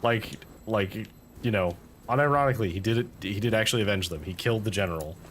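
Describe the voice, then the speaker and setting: A man's voice: fairly low pitch, fast talker, a bit bright, slight background noise. A man casually commenting as he plays a video game, thinking aloud through his choices with wry asides. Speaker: let's-play host.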